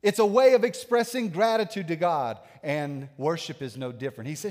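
A man in his thirties preaching a sermon as a pastor, animated, swinging between loud bursts and hushed asides. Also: fairly high pitch, moderate pace, hardly any pauses, in a large hall. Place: church sanctuary.

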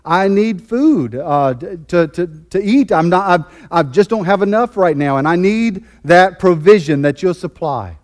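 A man's voice: high-pitched, expressive, a little slow, few pauses. A man voicing a joyful little old lady who praises God aloud over and over. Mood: pleading. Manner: exultant, repeating praise.

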